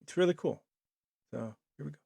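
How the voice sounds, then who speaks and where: A man hosting his own podcast, talking earnestly in a rambling way with many pauses and fillers. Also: a little high, lively intonation, vocal fry, dark tone, husky, no echo. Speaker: podcast host. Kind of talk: solo podcast commentary.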